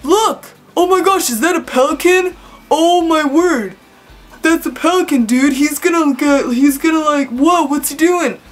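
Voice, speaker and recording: A woman voicing a clueless, muscular young man on a paddleboard who gushes in excited exclamations. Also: a little high, quick pace, few pauses, soft background music, pitched above the performer's own voice.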